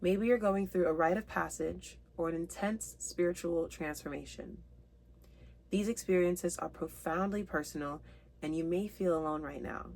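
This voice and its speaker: A woman giving a spiritual tarot reading to her viewers, earnest and emotional, reading card meanings aloud slowly. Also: fairly low pitch, darkish tone. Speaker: tarot reader.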